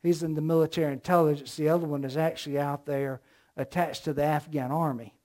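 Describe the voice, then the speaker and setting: Middle-aged man, Southern accent, high voice, emphatic sermon delivery. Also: steady tone, quick pace, darkish tone. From American South. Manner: emphatic, storytelling preacher with rising emphasis. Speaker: preacher.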